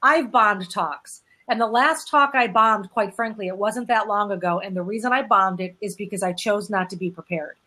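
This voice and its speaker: A woman's voice: mid-range voice, normal speed, hardly any pauses, bright, forceful tone. A woman hosting a panel discussion, talking in an encouraging and reflective way. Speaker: host.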